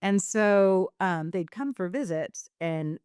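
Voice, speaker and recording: A woman's voice: mid-range voice, lively intonation, takes it slowly, darkish tone, clean tone, dry recording, clean studio sound. A woman guest on a podcast telling her story candidly, rambling with many fillers and restarts.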